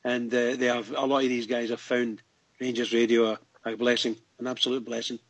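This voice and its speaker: A man's voice: mid-range voice, flat delivery, a little fast, breathy edge, no room sound. A man on a radio phone-in who talks in a supportive, reassuring way. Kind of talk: casual chat.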